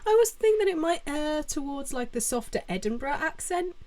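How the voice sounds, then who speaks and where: A young British woman hosts a relaxed Q&A stream from her home, her slightly high voice close on a desk mic. She rambles good-naturedly, restarting words and reading viewer names aloud as she goes. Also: brisk. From Britain. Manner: chatty and self-interrupting, reading chat names aloud. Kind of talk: casual live-stream Q&A chat. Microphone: desk mic with adjustable gain.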